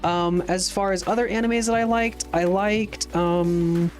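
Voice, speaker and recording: A man's voice: high voice, fairly even intonation, measured pace, faint music behind. A man streaming a game, chatting loosely with viewers, rambling and swearing casually as he answers their questions. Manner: answers viewer chat questions as they come. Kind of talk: casual chat while playing a game.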